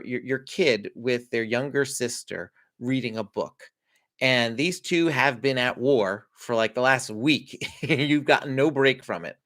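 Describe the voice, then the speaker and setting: Lively, animated man coaching parents. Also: mid-range voice. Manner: lively, conversational, laughs often. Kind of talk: instructional talk to parents.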